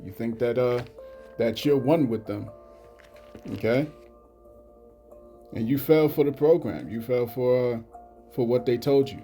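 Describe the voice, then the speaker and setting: A man giving a religious commentary, speaking haltingly and often repeating "you know what I'm saying" between points. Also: medium pitch, mellow, soft background music. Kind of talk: scripture commentary vlog.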